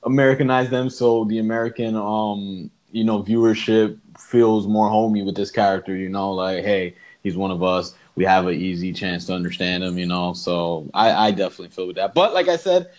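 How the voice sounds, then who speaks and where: Low-voiced man in casual chat. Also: a little fast, hardly any pauses, darkish tone.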